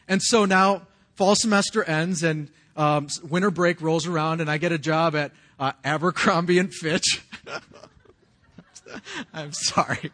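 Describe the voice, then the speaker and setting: A man's voice: fairly high pitch, steady tone, moderate pace, hardly any pauses, fairly bright tone. A man in his forties preaching a sermon, telling his own story in a conversational way with casual slang and frequent restarts. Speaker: pastor. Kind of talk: sermon with personal testimony.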